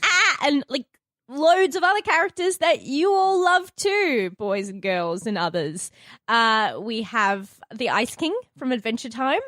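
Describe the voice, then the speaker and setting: A woman's voice: a little high, animated, unhurried, a bit bright, dry recording, clean studio sound. A young woman co-hosting a podcast in casual chat, giggly and playful. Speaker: podcast co-host.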